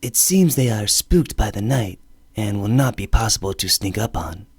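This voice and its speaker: A man voicing a calm tribal woman scout who gives grave, measured warnings. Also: on the low side, breathy edge, dry recording.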